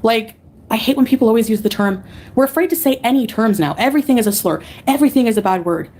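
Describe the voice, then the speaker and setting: A woman's voice: fairly high pitch, quick pace, darkish tone. A woman livestreamer ranting angrily at her chat, profane and dismissive.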